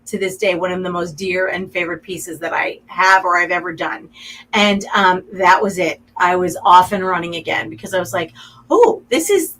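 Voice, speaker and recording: A woman's voice: fairly low pitch, pushed and bright, rough recording. A middle-aged woman, a guest artist in a radio interview, talking in a chatty, effusive way and getting emotional.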